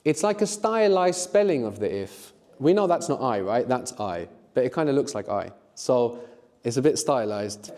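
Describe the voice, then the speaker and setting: A middle-aged man teaching a live workshop, encouraging the learners and often checking in with a quick "no?". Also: medium pitch, animated, mellow, long reverb tail. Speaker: language teacher.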